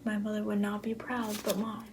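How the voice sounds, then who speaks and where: A woman's voice: medium pitch, monotone, normal speed, noisy background. A nineteen-year-old woman from Buffalo, New York, chatting to camera about books, often whispering late at night in a gushing, filler-heavy way. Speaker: book vlogger. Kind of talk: casual chat to camera.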